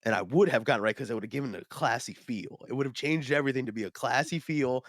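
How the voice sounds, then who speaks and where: A man co-hosting a podcast, telling stories in a rambling, animated way with lots of fillers. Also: medium pitch, rapid-fire, no room sound, clean studio sound. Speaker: podcast co-host. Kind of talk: casual chat.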